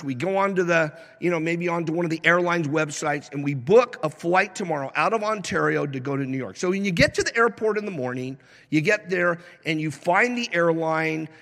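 A man preaching a sermon as pastor, shifting between conversational storytelling and emphatic preaching with swings in pace and loudness. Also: on the high side. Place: church sanctuary. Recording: long hall reverb.

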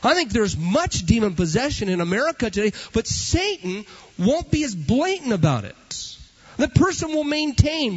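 A male preacher delivers an emphatic sermon in a high, husky voice that rises and falls dramatically. He hammers his points with repeated phrases. The recording sounds dull and lo-fi. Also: very animated, normal speed.

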